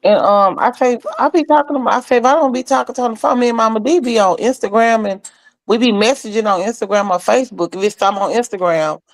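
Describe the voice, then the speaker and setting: A woman sharing memories of a friend in a casual conversation, telling stories in an animated way and acting out what others said. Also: fairly high pitch, fast talker, rough recording. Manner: animated storyteller, acts out quoted voices.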